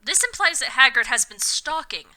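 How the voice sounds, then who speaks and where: A young woman reads fanfiction aloud with sarcasm, breaking off into animated banter and swearing. Her voice is bright and sharp, sitting a little high. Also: normal speed. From Florida, USA. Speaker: podcast co-host reading fanfiction. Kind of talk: comedic dramatic reading and banter.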